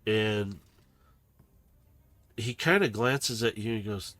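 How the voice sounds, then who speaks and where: A man narrating a tabletop game as game master, in a loose, chatty, animated way. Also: mid-range voice, moderate pace, no echo.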